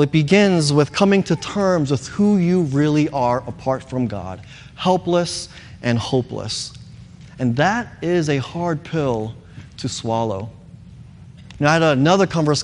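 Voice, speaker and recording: Earnest preacher in a reverberant hall. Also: male voice, mid-range voice, a little hiss or hum. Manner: earnest, emphatic preaching with repeated key words. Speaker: pastor. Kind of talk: sermon.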